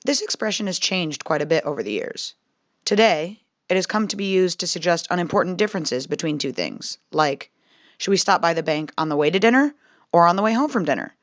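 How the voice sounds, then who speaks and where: Low-voiced Midwestern woman narrating. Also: animated, fairly quick, dry recording. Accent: Midwestern American. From Midwestern United States. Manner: wry, conversational explainer. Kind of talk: scripted narration. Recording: slightly dull, dry voice-over.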